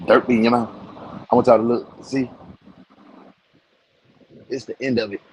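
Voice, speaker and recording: A man in his forties, a show host, casually telling stories to his viewers in an animated, slangy way. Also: medium pitch, normal speed, slight background noise, poor audio. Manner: animated, slangy, talks straight to his audience.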